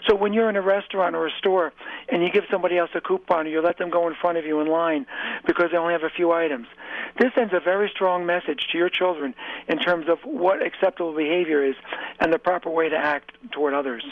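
A man's voice: a little high, steady tone, quick pace, no echo. A man guest speaking earnestly in a motivational interview, repeating phrases for emphasis. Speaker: author and guest. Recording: tinny phone line, dry.

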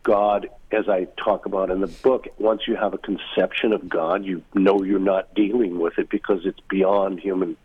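A man's voice: sits low, little pitch movement, moderate pace, few pauses, husky. A man being interviewed about his book, speaking in a reflective, musing way with many asides over a remote line. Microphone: remote line from far away. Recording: tinny phone-like line.

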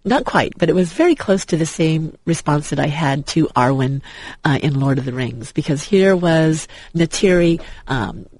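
A man's voice: on the high side, expressive, normal speed, a little mellow, no echo, poor audio. A man chatting as an enthusiastic movie fan, rambling with many restarts and fillers. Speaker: guest.

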